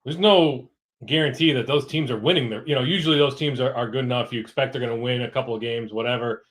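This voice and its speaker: Male co-host, easygoing, hesitant delivery, mid-pitched voice. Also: fast talker, fairly bright tone. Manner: hesitant, laid-back, filler-heavy. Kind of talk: casual live show chat.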